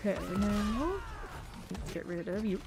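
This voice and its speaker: A woman streaming a game, chatting casually to herself as she plays, humming and counting under her breath. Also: mid-range voice. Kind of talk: casual gameplay commentary.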